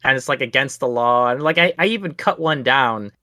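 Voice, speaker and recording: A man's voice: medium pitch, a little fast, pushed and bright, no echo, clean studio sound. A man co-hosting a podcast, chatting casually about games in a rambling, filler-heavy, easygoing way. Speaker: podcast co-host. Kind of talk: casual game review chat.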